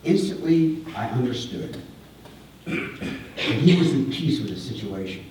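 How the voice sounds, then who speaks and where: Man giving a halting eulogy in an echoey hall. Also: mid-range voice, lively intonation, a little mellow, a little hiss or hum. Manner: halting, repeats words, speaks with feeling. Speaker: eulogy speaker. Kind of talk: memorial eulogy. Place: large hall at a memorial service. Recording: echoey hall, voice far from the mic.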